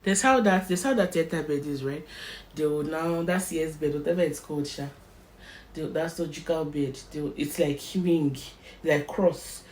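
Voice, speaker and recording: A young Nigerian woman with a Nigerian accent, telling a personal story in an animated storytime vlog and slipping into Pidgin. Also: low voice, normal speed. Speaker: vlogger.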